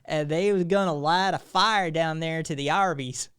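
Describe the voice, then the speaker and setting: A man's voice: fairly high pitch, moderate pace, a bit bright, clean tone, natural voice. Field: a man putting on a drawling Southern guy. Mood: mocking. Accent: put-on Southern US.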